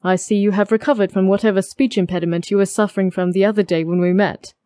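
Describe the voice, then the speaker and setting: A woman's voice: fairly even intonation, fast, warm tone, no echo, natural voice. A woman voicing a charming, teasing young man in an audiobook romance, with a playful, wry manner. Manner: playful, wry, lower-pitched.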